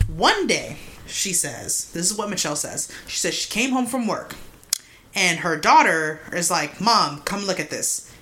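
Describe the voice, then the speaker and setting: A woman's voice: lowish voice, big pitch swings, a little slow, a bit bright. A young woman co-hosting a podcast, retelling a true-crime case in a loose, profane chat full of "like" and "mind you". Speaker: podcast co-host.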